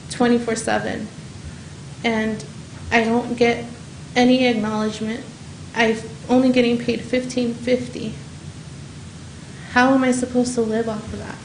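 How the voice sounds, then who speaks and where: A woman making a public comment at a county meeting as a home care provider, frustrated and pleading, speaking haltingly into a podium microphone. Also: on the high side, gravelly. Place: council chamber. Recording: echoey meeting room with faint noise.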